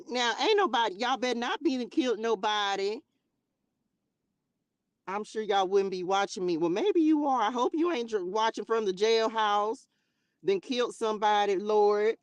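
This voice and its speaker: A woman hosting a livestream who reads scripture and adds animated, slangy, joking commentary. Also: medium pitch, moderate pace, no room sound. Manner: animated, laughing, slangy asides. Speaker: livestream host reading scripture. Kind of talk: bible reading with casual commentary. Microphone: livestream mic.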